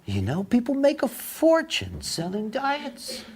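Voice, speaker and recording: A man giving a spoken lecture in a sardonic, mocking, animated way. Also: extremely high pitch, takes it slowly, slight background noise.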